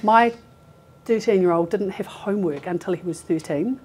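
A woman's voice: mid-range voice, normal speed, a little mellow, slightly rough. A woman in her forties, a recruiter giving a chatty, informal talk to an audience, laughing often and using lots of fillers. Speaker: healthcare recruiter presenting. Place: meeting room with a live audience.

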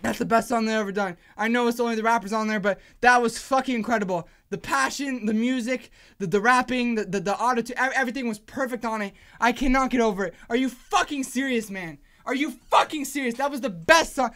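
Young-sounding woman vlogger, high voice, frantic and teary, swears freely. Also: fairly quick, few pauses. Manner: excited, shouting, swearing a lot. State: overwhelmed, near tears. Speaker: reaction vlogger. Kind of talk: music reaction video.

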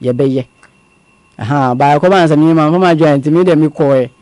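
Man telling his story slowly. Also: a little high, a little mellow, dry recording. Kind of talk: conversational testimony.

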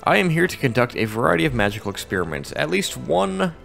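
A man's voice: medium pitch, very animated, quick pace, creaky, a bit bright, faint music behind, pitched above the performer's own voice, heavily acted. A man reads the lines of a fussy old woman mage in a game, complaining about her lab. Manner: reading quest text aloud.

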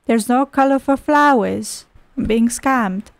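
A woman's voice: high-pitched, measured pace, dry recording. A young woman giving casual, profane and sarcastic commentary as she plays a game, with frequent exclamations. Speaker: gaming video host. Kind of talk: casual let's-play commentary.

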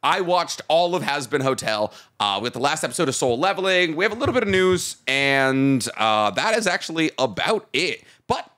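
A young man co-hosting a casual podcast, joking and riffing with quick banter. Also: a little high, animated, pushed and bright. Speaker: podcast co-host. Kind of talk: casual chat.

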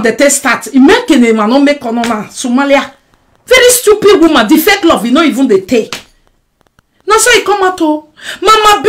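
High-voiced Nigerian woman ranting. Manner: swings between shouting and muttering, mixing Pidgin and English. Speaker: social media personality. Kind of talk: emotional live-stream rant.

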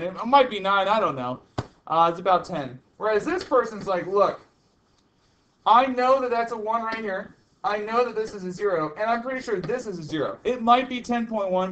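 A man's voice: high voice, a little hiss or hum, rough recording. A male chemistry teacher lecturing a class, chatty and teasing, repeating the key points. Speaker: high school chemistry teacher.

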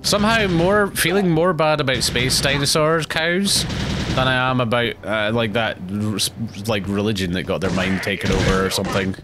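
A young man giving rambling, casual commentary while playing a video game, often jumpy and quick to laugh. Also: medium pitch, over music. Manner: rambling, jumpy, breaks into panicked yelps and laughs. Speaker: let's play gamer.

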